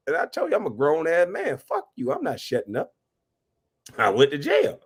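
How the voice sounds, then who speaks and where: A man hosting a live reaction stream, talking animatedly, cursing and giving shout-outs to his chat. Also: a little high, wildly swooping pitch, moderate pace, breathy edge. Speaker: livestream reaction host.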